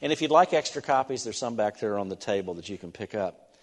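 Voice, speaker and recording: A man preaching a sermon in a church, earnest and halting, with restarts as he talks. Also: fairly low pitch, animated. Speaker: pastor. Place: church sanctuary. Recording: long hall reverb.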